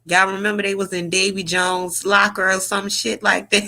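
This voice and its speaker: A woman vlogger in a casual commentary, loud and profane, talking straight to her viewers and breaking into shrieking laughter. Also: medium pitch, level tone, normal speed. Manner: slangy, talks straight to viewers as y'all.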